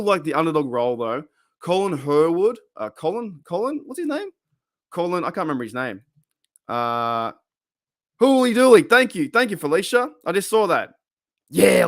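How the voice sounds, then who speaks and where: An Australian man hosting a live sports podcast, chatting excitedly, reading viewer comments and restarting his sentences often. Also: a little high, no room sound, studio quality. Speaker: podcast host.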